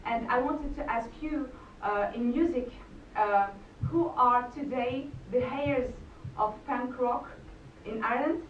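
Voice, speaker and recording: A woman from France with a French accent, asking a question from the audience, halting and nervous. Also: fairly high pitch. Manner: hesitant, halting, laughs nervously. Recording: distant echoey mic, muffled, noisy.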